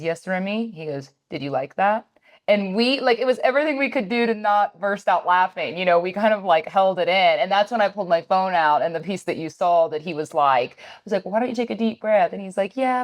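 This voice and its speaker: A woman in her thirties co-hosting a podcast, telling family stories in a casual, animated chat with lots of fillers. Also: lowish voice. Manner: animated storytelling, many fillers. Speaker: podcast co-host.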